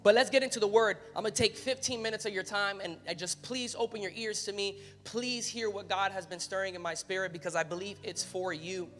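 A man preaching a sermon as pastor, talking casually at times and building to loud, emphatic calls to the congregation. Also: sits high, fairly even intonation, a little fast, hardly any pauses, big-room sound, faint music behind. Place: church sanctuary.

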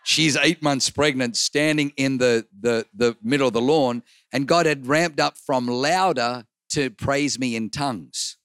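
A man's voice: mid-range voice, unhurried, hardly any pauses, clear, resonant tone, no echo, clean studio sound. A man, a pastor giving a sermon, who tells personal stories and repeats phrases for emphasis. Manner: animated storyteller acting out voices, repeats phrases for emphasis.

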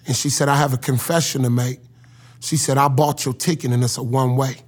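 A man's voice: mid-range voice, steady tone, a little fast. A man telling his life story in an earnest, emotional, casual way, as a former football player. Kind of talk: personal storytelling.

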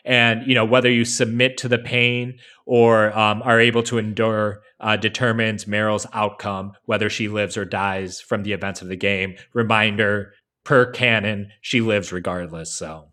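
Bright-voiced man explaining casually. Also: fairly low pitch, normal speed. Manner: relaxed, explanatory, many fillers. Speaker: podcast co-host. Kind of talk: casual analytical chat.

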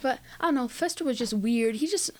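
A young woman with a slightly high voice, chatting casually on a podcast. She rambles, stacks up "like" and "um", and drops a "bro" now and then. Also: animated, brisk, slight background noise. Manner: rambling, filler-heavy, says "bro" and "like". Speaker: podcast co-host. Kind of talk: casual chat.

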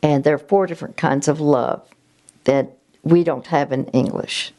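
A woman gently sharing a personal faith story and advice, speaking with halting restarts. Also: sits low. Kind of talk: reflective faith testimony.

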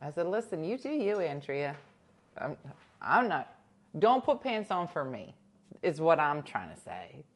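A chatty woman hosts a casual livestream from home, spinning stories and reading viewers' comments. Her somewhat low voice swings widely in pitch as she acts out what others said. She laughs often between lines. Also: sing-song, a little slow. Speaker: livestream host reading chat. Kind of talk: casual chat. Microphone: new desk mic.

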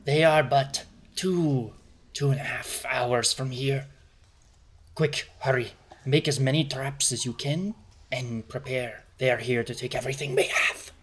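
A man's voice: mid-range voice, measured pace, a bit bright, a little hiss or hum, close to an everyday voice. A man voicing a crotchety old woman witch who barks urgent orders at her followers in a tabletop game.

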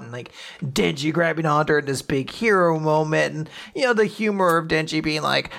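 Gravelly, higher-voiced male podcast host. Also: moderate pace, hardly any pauses, fairly bright tone. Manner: emphatic, swears, gushes. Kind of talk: casual comic recap chat.

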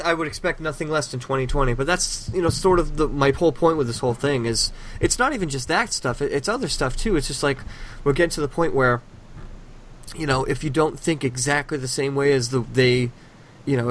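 A man hosting a casual podcast conversation, opinionated and animated, often restarting his sentences. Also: medium pitch, slight background noise. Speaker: podcast host.

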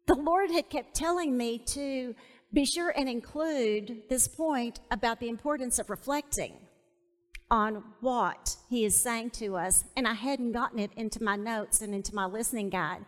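A woman's voice: a little high, normal speed. A woman teaching a Bible study sermon, emphatic, repeating key phrases and asking her listeners to say them back to her. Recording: long hall reverb.

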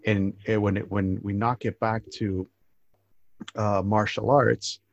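A man with a very deep voice chats casually and rambles, restarting his phrases. The sound is dry and a little dull. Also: little pitch movement, slow, no room sound. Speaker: podcast host. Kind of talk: casual conversation.

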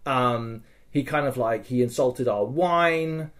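A man's voice: mid-range voice, takes it slowly, a bit bright. A man hosting a podcast, telling a story in casual chat. He swears freely and keeps checking in with "right?" and "okay?". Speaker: podcast host.

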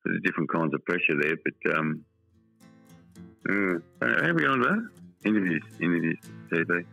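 A man's voice: low voice, lively intonation, moderate pace, creaky, sharp tone, soft background music, poor audio. A middle-aged Australian man, a football journalist, talking candidly in a casual podcast interview, often repeating himself and restarting.

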